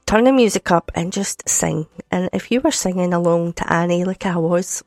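A woman's voice: lowish voice, normal speed, no echo. A Scottish woman presenting a Sunday radio show, chatty and jokey, sounding a bit groggy, on a studio microphone. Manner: chatty, jokey, warm teasing asides. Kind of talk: casual radio chat. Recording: dry studio sound with faint music.

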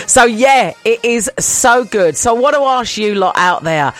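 A Scottish radio host chats away to the listeners in a loose, rambling style, restarting sentences and tossing questions out to the audience. The voice sits at a middling pitch, with soft music playing faintly underneath in the studio. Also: lively intonation, normal speed. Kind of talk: casual chat to listeners.

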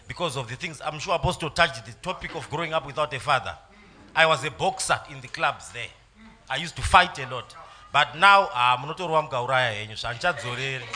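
A man's voice: mid-range voice, animated, fairly quick, bright, forceful tone. A man giving an emotional, storytelling church testimony. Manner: storytelling, emotional, laughing at times.

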